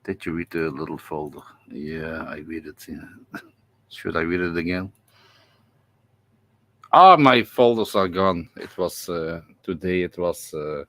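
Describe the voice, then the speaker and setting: A man hosting a casual live stream from home, talking haltingly with lots of repeated words and chuckles. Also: low voice, a bit bright.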